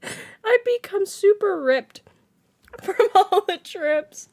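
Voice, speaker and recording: A woman's voice: extremely high pitch, animated, very slow, long pauses. A woman game streamer in casual live-stream chat, reading viewer comments aloud and laughing to tears, giggling constantly through her words. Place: home streaming setup.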